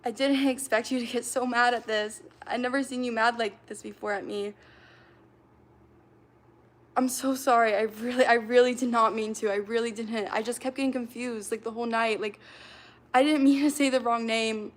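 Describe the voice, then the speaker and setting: A woman's voice: on the high side, fairly even intonation, normal speed, close to an everyday voice. A woman improvising a young woman who stammers through repeated apologies to an angry friend, in a livestreamed acting game. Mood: pleading apology.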